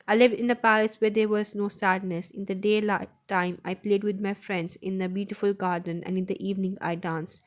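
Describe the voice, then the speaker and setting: A woman reading the lines of a sorrowful young prince statue in a storybook, gentle and pleading. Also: mid-range voice, fairly even intonation, fairly quick, hardly any pauses, natural voice.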